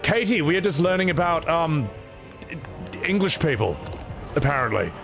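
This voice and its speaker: On a live stream, a man chats excitably, swearing, laughing a lot, and reading viewers' messages aloud. His voice is a bit high with vocal fry, at normal speed, with music playing underneath.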